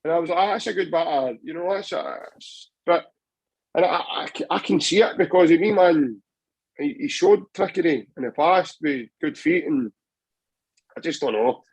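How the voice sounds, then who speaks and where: A man's voice: on the high side, moderate pace, husky, no room sound, poor audio. A Scottish man chatting passionately about football on a podcast, rambling with many restarts. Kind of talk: casual football chat.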